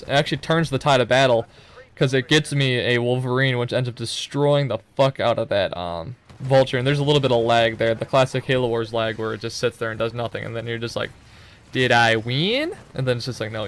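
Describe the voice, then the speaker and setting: A man's voice: medium pitch, fairly bright tone. Profane young man rambling over gameplay. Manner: loose, profane, rambling with joking asides. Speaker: gameplay commentator. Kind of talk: casual gameplay commentary.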